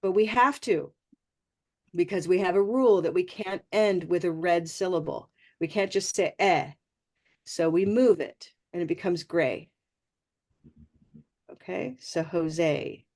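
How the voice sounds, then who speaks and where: A woman teaching English pronunciation in an online class, modelling sounds slowly and clearly and repeating words for students. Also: fairly low pitch.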